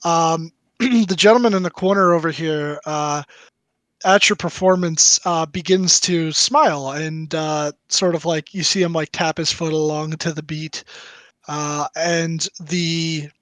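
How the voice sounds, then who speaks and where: A man's voice: fairly high pitch, fairly even intonation, a little slow, fairly bright tone, no room sound, poor audio. A young man narrating as game master, rambling with many fillers.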